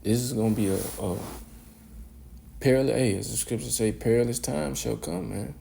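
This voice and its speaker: A man's voice: medium pitch, normal speed, vocal fry, warm tone, a little hiss or hum. A man giving informal scripture commentary, rambling and repeating words, ending phrases with "man".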